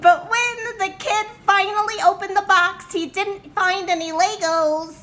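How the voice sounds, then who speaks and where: Woman doing a mock Dublin accent, high bright voice, giggly newsreader. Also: steady tone, a little slow, a little hiss or hum, heavily acted. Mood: playful reading. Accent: put-on Dublin Irish. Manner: giggly, improvised accent while reading a story aloud.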